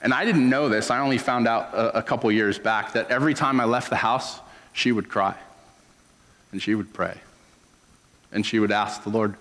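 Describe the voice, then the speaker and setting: A man's voice: lowish voice, moderate pace, pauses often, fairly bright tone, long reverb tail. A man preaching a sermon as a pastor, in an earnest, conversational storytelling manner.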